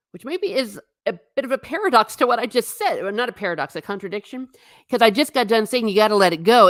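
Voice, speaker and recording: A woman's voice: medium pitch, dry recording, studio quality. A woman talking casually in a live stream review, eagerly acting out lines from scenes as she goes. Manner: animated, acts out quotes from scenes. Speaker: TV show reviewer.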